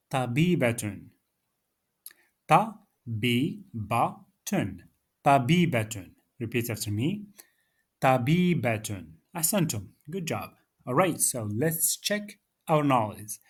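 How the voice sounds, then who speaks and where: A man's voice: medium pitch, slightly rough. A man teaching a beginner Arabic lesson, patiently saying words for the listener to repeat. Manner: patient, drills words for repetition. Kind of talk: slow beginner language lesson.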